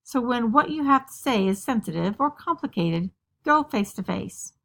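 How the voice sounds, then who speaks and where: A woman giving an earnest, friendly lesson narration, reading a poem slowly and with emphasis. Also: a little high, lively intonation, creaky, fairly bright tone.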